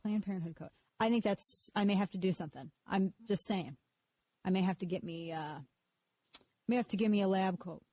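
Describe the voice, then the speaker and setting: A woman's voice: medium pitch, a little fast, dark tone, dry recording. A woman hosting a live talk radio show, talking casually and sarcastically, often breaking off and restarting her sentences. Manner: sarcastic, mocks others in put-on voices; self-interrupting, repeats words when restarting. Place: radio studio.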